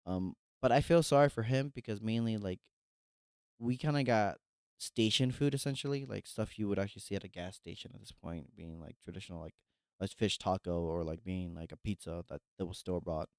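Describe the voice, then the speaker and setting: A man's voice: fairly low pitch, a little fast, a little mellow, clean tone, no echo, studio quality. A man co-hosting a podcast in casual chat, hesitant and full of fillers and restarts. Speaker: podcast co-host.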